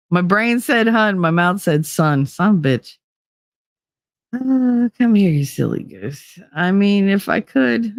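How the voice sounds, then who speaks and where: A woman's voice: on the low side, creaky, dry recording, clean studio sound. A woman in her fifties hosting a casual livestream chat, blunt and swearing freely, greeting viewers with pet names. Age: 50s. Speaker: livestream host. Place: home.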